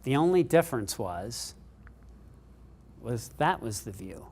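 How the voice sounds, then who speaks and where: A middle-aged man giving a keynote speech, telling a story with animated delivery that lifts in pitch as he gets excited. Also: unhurried, a little hiss or hum. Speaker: keynote speaker.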